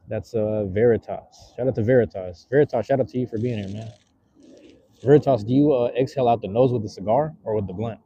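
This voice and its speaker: Hosting a casual livestream while smoking a cigar, a man chats loosely and reads viewers' messages aloud in a laid-back, rambling, slang-heavy way. His voice is lowish, warm and husky, and the sound is lo-fi.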